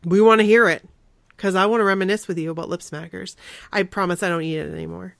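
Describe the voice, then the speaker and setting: A woman's voice: lowish voice, steady tone, quick pace, gravelly, fairly bright tone, no echo. Bubbly enthusiastic woman, dry sound. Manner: bubbly, enthusiastic fan chatter. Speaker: guest podcast host. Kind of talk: casual chat.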